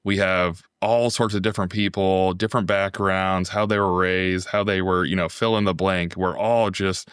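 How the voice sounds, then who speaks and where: Smooth low-voiced man host. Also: flat delivery, moderate pace, hardly any pauses, a bit bright, no room sound, studio quality. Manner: friendly, upbeat questioner. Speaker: podcast host. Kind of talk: casual interview talk.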